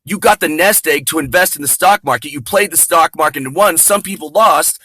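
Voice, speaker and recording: A man's voice: fairly high pitch, a little fast, bright, forceful tone, breathy edge, no echo. A man voicing a skeptical questioner who nitpicks and needles in a sarcastic way.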